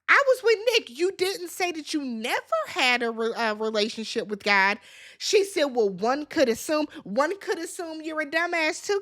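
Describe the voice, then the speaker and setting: A woman's voice: high-pitched, sharp tone. A woman giving a blunt, sassy recap of a reality show, acting out the cast's lines in casual chat. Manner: sassy, blunt commentary with acted-out quotes. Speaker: recap host.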